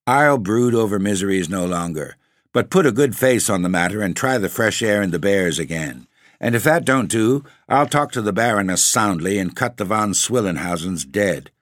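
A man's voice: lowish voice, lively intonation, normal speed, fairly bright tone, no room sound, studio quality. A man voicing a weary, moody male baron who answers bluntly and stubbornly. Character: weary male baron, moody nobleman given to sudden laughter.

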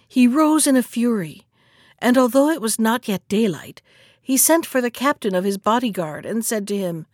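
A woman narrating a fairy tale in a calm, measured reading voice. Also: a little high, no room sound, studio quality. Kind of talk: scripted storybook narration.

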